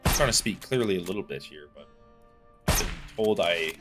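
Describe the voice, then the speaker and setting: A young Canadian man with an East Coast accent, chatting fast and jokingly with viewers while he streams a game, full of slang and banter. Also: low voice, animated, music in the background. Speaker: livestream gamer. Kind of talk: casual chat with chat while gaming.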